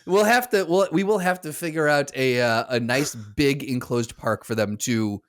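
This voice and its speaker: A man's voice: medium pitch, normal speed. A man co-hosting a casual podcast, rambling through his stories with restarts and chuckles. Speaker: podcast co-host. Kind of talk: casual chat.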